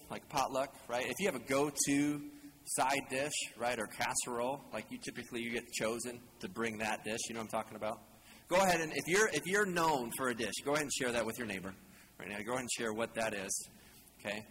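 A man's voice: mid-range voice, a bit bright. A man preaching a conversational sermon as a pastor, casual and joking, asking the congregation questions. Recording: long hall reverb, faint ambient noise.

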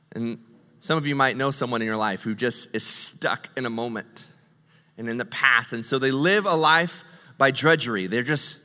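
Bright-voiced pastor in a reverberant hall. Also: male voice, on the high side. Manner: animated, joking, acts out quick impressions. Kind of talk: sermon. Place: church stage.

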